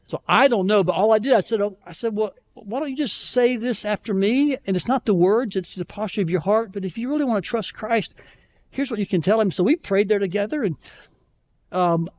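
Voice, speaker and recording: A man preaching a conversational sermon as pastor, telling stories with self-deprecating humor and slowing down to plead earnestly. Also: high voice, expressive, darkish tone. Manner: conversational storytelling, self-deprecating, pleading slowly at key points. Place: church.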